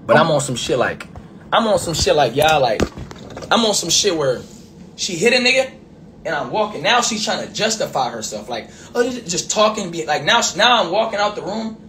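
A man's voice: fairly high pitch, sing-song, normal speed, a bit bright. A young man telling a long story in casual chat, rambling and repeating himself with emphasis. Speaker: storyteller in a played clip. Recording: echoey room, faint background noise.

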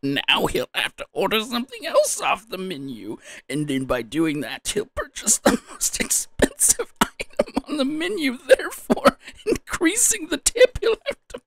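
A man's voice: very high-pitched, wildly swooping pitch, a little slow, creaky, a bit bright, no room sound, pitched above the performer's own voice, heavily acted. A man voicing a scheming anime-style villain waiter in a nasal voice, cracking up with laughter as he speaks, recorded close to the microphone. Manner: breaking into laughter mid-line.

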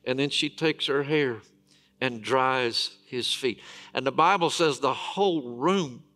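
A man, a lead pastor, preaching a sermon as a storyteller, with dramatic pauses and emphatic repetition. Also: mid-range voice, a bit bright.

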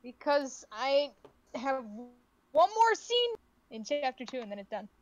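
A woman's voice: high-pitched, sing-song, measured pace, dull audio. A young woman chatting casually during a game stream, teasing dryly and swearing now and then. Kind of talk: casual gaming chat.

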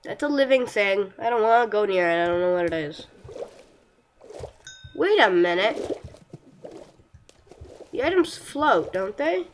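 A young woman chatting through her own gameplay, excitable and self-mocking, yelping and shouting at enemies between slow, rambling remarks. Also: medium pitch, a little hiss or hum. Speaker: gameplay streamer. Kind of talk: casual live commentary while playing a game.

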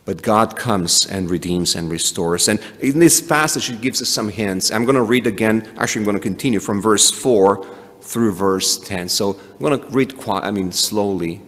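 A man preaching a sermon, animated, often restarting and adding asides. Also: lowish voice, normal speed. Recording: long hall reverb.

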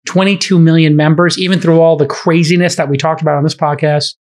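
A middle-aged man hosting a podcast, telling stories in animated, laughing casual chat. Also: fairly high pitch, quick pace. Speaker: podcast host.

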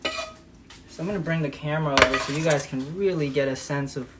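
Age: unknown. Sex: woman. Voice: quite low. Style: casual cooking livestream, chatty and rambling. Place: home kitchen with faint pan clatter behind. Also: brisk, background noise. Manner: chatty and rambling, self-correcting. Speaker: home cook hosting a live stream.

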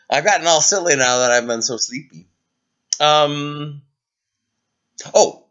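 A man teaching circle time to preschoolers over a computer camera, talking in a gentle, playful way to small children. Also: on the high side, slow, pauses often, clear, resonant tone, lo-fi sound. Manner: gentle, playful, sing-song talk to small kids. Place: indoors, away from the classroom. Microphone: computer webcam.

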